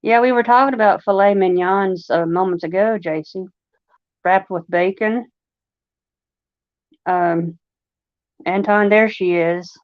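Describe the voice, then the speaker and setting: The livestream host, a woman with a Long Island accent, talks unhurriedly in a mid-range voice, leaving long pauses. Her casual chatter rambles and brims with fillers, recorded dry and slightly dull in lo-fi, with no room sound.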